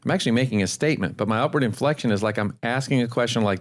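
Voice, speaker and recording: A man's voice: mid-range voice, racing. A man co-hosting a sales podcast, coaching listeners in an explanatory way and repeating points for emphasis. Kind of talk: podcast discussion.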